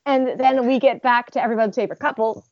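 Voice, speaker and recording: A woman with a high voice chatting on a podcast. She is animated, laughs a lot and acts out what characters say. Her sound is dry and lo-fi. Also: quick pace, no room sound. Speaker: podcast co-host. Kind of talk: casual chat recapping manga chapters.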